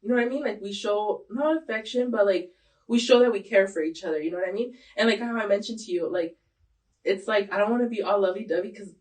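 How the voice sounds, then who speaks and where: A woman's voice: mid-range voice, fast talker, darkish tone. A woman in her thirties co-hosting a podcast in casual chat, rambling with lots of fillers and frequent laughter. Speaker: podcast co-host. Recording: voices heard from a distance.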